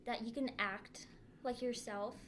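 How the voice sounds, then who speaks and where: A woman's voice: on the high side, fairly even intonation, measured pace, a bit bright, slight background noise. A young woman chatting casually on a podcast, hesitant and full of fillers. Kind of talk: casual chat.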